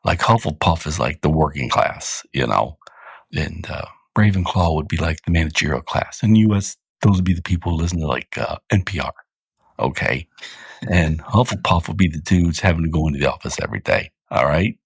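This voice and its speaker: American podcast host, very deep and gravelly, loose rambling talker. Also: male voice, animated, a little fast, dry recording. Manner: rambling, self-correcting, laughs at own jokes. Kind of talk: casual chat.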